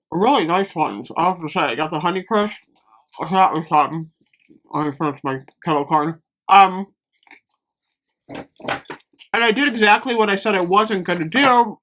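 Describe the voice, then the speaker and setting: A woman vlogger chatting casually through a shopping haul, gushing and rambling, easily excited. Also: medium pitch. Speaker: beauty and lifestyle vlogger. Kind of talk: casual haul vlog chat.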